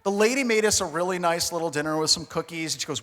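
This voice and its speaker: Animated American man telling stories in a hall. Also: fairly high pitch, fast. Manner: animated, casual, loose with slang and mild swearing. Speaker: conference speaker. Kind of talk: comic storytelling on stage. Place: conference hall stage. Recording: reverberant conference hall.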